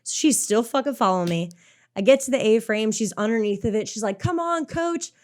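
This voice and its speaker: A young adult woman, a racer and coach, telling an animated race story in casual podcast chat, swearing freely and saying "like" a lot. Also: medium pitch, quick pace. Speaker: obstacle course racer and coach.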